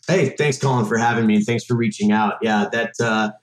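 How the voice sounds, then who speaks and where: A man's voice: mid-range voice, fairly even intonation, a little fast. A man in his thirties from Massachusetts, a podcast guest chatting casually and rambling with lots of fillers and restarts. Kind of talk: casual chat. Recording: roomy echo.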